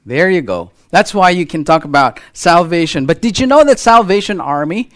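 A middle-aged male pastor preaching a sermon to his church, animated and full of rhetorical questions to the congregation. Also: high voice, normal speed. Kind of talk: sermon with a children's illustration.

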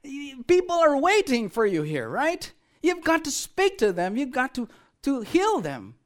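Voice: sits high, huge pitch swings, a little slow, voice pushed up, exaggerated voice. A preacher acting out eager apostle Simon Peter. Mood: eager urging. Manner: urgent, pleading.

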